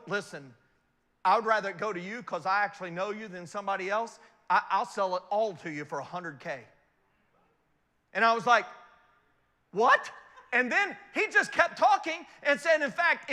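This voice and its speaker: A middle-aged man giving a motivational talk to an audience, an animated storyteller who keeps asking whether his points make sense. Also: high-pitched, in a large hall. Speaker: investment speaker.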